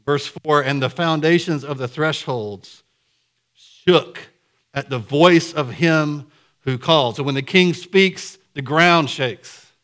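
A man preaching a conversational sermon to a church congregation, lively, with sudden loud bursts. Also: a little high, slow pace. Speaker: pastor. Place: church sanctuary.

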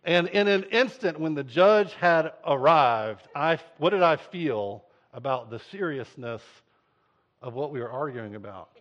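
A man preaching a sermon, telling a story in an animated way and acting out voices. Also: fairly high pitch, unhurried. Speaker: pastor. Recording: dull lo-fi sound.

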